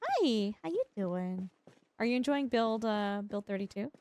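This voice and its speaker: A woman livestreaming a game, chatting casually and teasingly with her viewers, with quiet music behind her. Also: medium pitch, unhurried. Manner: chatty, animated, teasing, talks to chat. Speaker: streamer. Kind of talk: casual livestream chat while gaming.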